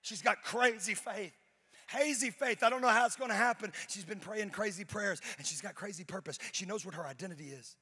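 Young male pastor, high voice, animated storytelling sermon with shouted climaxes. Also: a little fast, husky.

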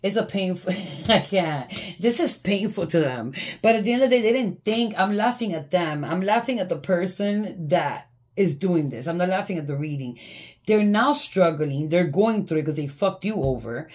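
A woman's voice: on the low side, animated, normal speed, a little mellow, breathy edge. A woman giving a casual tarot reading, blunt and profane, often breaking into laughter. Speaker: tarot reader. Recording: faint background noise.

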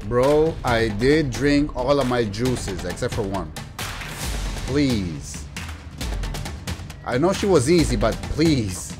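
Excitable man ranting over a game. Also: medium pitch, slow, pauses often. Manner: excitable, swears and rants at the game. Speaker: gaming youtuber. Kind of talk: let's play commentary. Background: faint game music.

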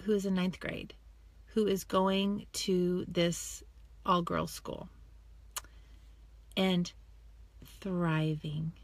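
A woman's voice: fairly low pitch, drawn-out words, pauses often, no room sound. A woman in her forties, a sales team leader, talking emotionally and on the verge of tears in a live video chat recorded on a phone in her parked car. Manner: tearful, gushing and animated. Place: in a car in a parking lot.

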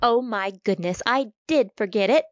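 A woman voices a careless, flippant wife in a radio play, speaking breezily on a somewhat high pitch. The recording is dry, dull and lo-fi. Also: moderate pace, dry recording, lightly acted. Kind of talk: radio drama re-creation.

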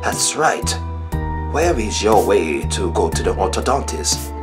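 A man narrating a comedy skit with an exaggerated, self-mocking delivery. His pitch leaps about in a lively way. Background music plays clearly behind him. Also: a little slow. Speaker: voice actor telling a comic story.

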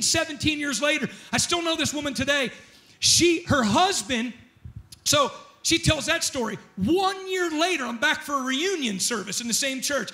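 High, bright-voiced male preacher. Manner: animated, joking storyteller who shouts at peaks. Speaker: pastor. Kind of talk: sermon with storytelling and prayer. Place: church.

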